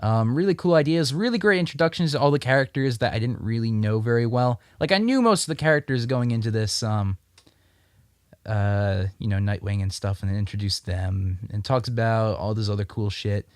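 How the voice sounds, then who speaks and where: A man's voice: lowish voice, fairly quick, dry recording. A man casually reviewing comic books on his vlog, rambling and throwing in crude jokes. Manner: rambling, joking, crude asides.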